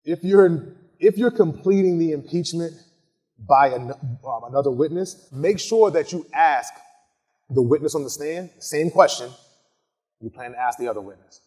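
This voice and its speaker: A man's voice: fairly high pitch, expressive, a little mellow, breathy edge. A man, a criminal defense lawyer, teaching a recorded masterclass in a conversational way, often asking "right?" and restarting sentences. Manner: conversational, tags points with "right?", frequent restarts; reads example lines slowly and dramatically. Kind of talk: recorded legal masterclass lecture.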